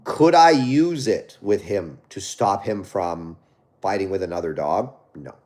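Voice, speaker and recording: A man with a fairly low voice answers viewer questions on a live stream. He speaks casually and conversationally, like a trainer explaining his methods, and keeps checking in with a quick "right?". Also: expressive, a little mellow. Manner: conversational, reads viewer questions aloud and answers, often ends points with "right?". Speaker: dog trainer hosting a live Q&A.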